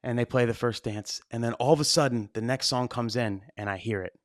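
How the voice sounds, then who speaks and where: A man's voice: medium pitch, fairly quick, dry recording. A young man, a DJ hosting his own show, telling a story casually and animatedly, swearing freely and acting out his own panic. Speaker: wedding DJ and show host.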